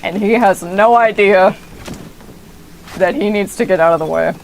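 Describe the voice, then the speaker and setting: A woman's voice: mid-range voice, normal speed, vocal fry, slight background noise, low-quality recording. A woman streaming a game, giving rambling, self-correcting casual commentary.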